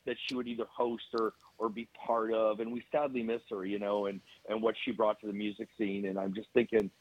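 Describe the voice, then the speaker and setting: A man's voice: lowish voice, level tone, brisk, muffled recording. A man from Southern Ontario with a Canadian accent, chatting casually as a radio guest.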